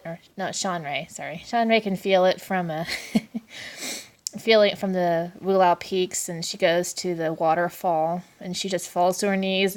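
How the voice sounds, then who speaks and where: Woman vlog host, casual chatty delivery, gushing with many fillers and giggles. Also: lowish voice. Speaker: anime review vlogger. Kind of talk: casual review chat.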